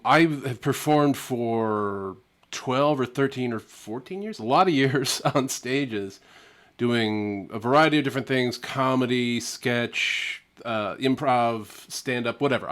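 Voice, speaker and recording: A man's voice: medium pitch, normal speed, fairly bright tone. A man from Connecticut giving chatty, self-deprecating reaction commentary. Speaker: reaction video host.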